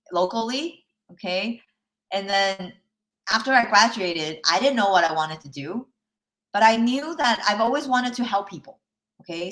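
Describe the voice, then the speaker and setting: A woman's voice: medium pitch, fairly bright tone. A woman life coach giving a live online workshop, telling a personal story in a chatty way, often checking in with listeners and laughing lightly between points.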